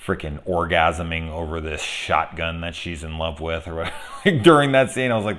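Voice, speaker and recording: Low-voiced man ranting in a film review. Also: brisk, fairly bright tone, a little hiss or hum. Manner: rambling, profane and heated, laughing often. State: angry. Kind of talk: casual spoiler review.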